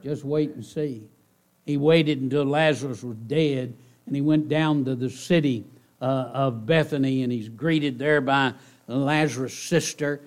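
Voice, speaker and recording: A man preaching a sermon to a congregation, repeating his key phrases and swinging between loud outbursts and hushed lines. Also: mid-range voice, steady tone, measured pace. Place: church service.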